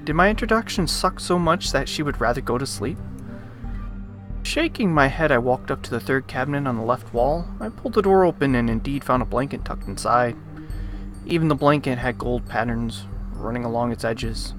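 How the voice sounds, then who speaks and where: A man hosting a let's play, reading a visual novel's narration aloud and breaking off into animated, joking rants. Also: mid-range voice, normal speed, over music. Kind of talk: reading game text aloud with commentary.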